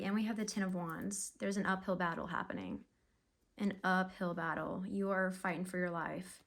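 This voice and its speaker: A young woman giving a casual, emotional tarot reading to camera, chatty and full of fillers and sighs. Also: medium pitch. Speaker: tarot reader.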